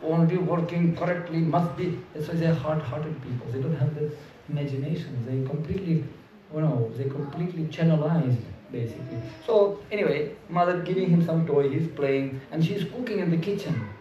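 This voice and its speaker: A man with giving an animated devotional class, acting out voices as he tells stories and laughing often. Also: on the high side, normal speed, hardly any pauses, lo-fi sound, a little hiss or hum. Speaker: visiting speaker. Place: home gathering room. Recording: echoey room, mic far off, audience around.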